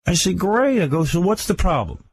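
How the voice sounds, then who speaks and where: A man on talk radio tells an anecdote with lots of swing in his voice. He sits a bit higher than most men. He keeps breaking into exaggerated impressions of the people in his story. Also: normal speed, husky, dry recording. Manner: animated, acts out quotes in a higher mocking voice. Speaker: radio host.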